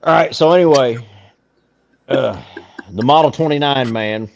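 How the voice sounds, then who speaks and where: A man's voice: mid-range voice, unhurried, creaky, a little hiss or hum. A man, rambling through a crude, profane movie-review chat as a podcast co-host. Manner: rambling, profane, puts on hillbilly voices while retelling. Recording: dull lo-fi podcast audio.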